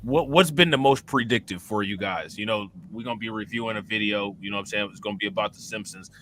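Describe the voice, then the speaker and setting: A man hosting a casual livestream podcast, laid-back and slangy, giving shout-outs to viewers. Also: lowish voice, quick pace, a little hiss or hum. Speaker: podcast host.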